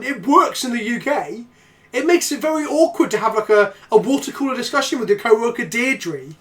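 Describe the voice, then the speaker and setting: Sweary excitable streamer guy. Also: very high voice, brisk. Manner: sweary, excitable, breaks into shouting and laughter. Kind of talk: casual chat on a game stream.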